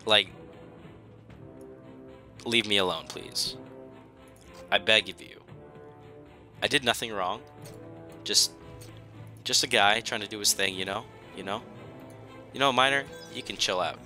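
A man's voice: lowish voice, measured pace, pauses often, pushed and bright, soft background music. A young man commentating his own strategy game, pleading and joking at the enemy in a dramatic, self-mocking way. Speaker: gaming YouTuber. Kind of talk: gameplay commentary.

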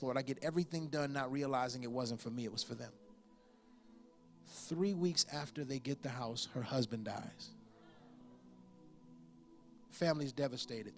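A pastor in his forties delivering a sermon, telling a personal story with lively impressions of the people in it. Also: mid-range voice. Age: 40s. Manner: storytelling with animated impressions and laughter.

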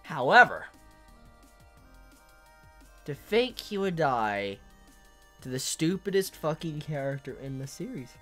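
A woman's voice: low-pitched, lively intonation, takes it slowly, pauses often, bright, forceful tone, soft background music. A woman reviewing anime in an angry, profane rant, stumbling over and repeating her words.

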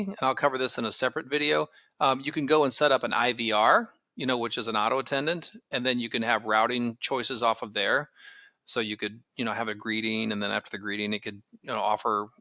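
The voice is a man's, medium in pitch with a sharp tone and no echo. He hosts tech tutorials, here giving a casual screen-recorded walkthrough of a phone service setup while clicking along and thinking aloud with fillers.

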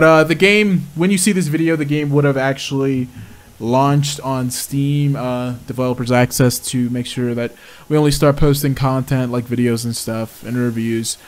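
A man giving chatty gameplay commentary as a game reviewer, exclaiming often and laughing at his own mistakes. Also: fairly high pitch. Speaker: game reviewer and channel host.

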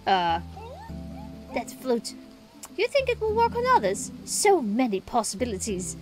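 Eine Frau liest eine begeisterte Dino-Forscherin. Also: female voice, fairly high pitch, measured pace, music in the background, pitched below the performer's own voice. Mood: amazed. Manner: bubbly, excitable, read aloud with expression. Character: cheerful eager dinosaur researcher. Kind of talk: reading game dialogue aloud.

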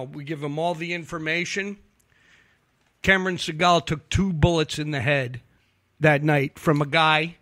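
A man telling a long true-crime story on a talk show, animated and profane, acting out the people he quotes. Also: on the high side, no room sound, studio quality. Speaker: investigative reporter guest.

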